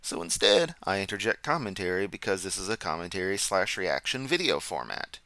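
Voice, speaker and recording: A man's voice: deep voice, sing-song, fairly quick, pushed and bright, no echo. A man hosting a comedic reaction commentary, sarcastic, mocking and profane. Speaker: commentary channel host.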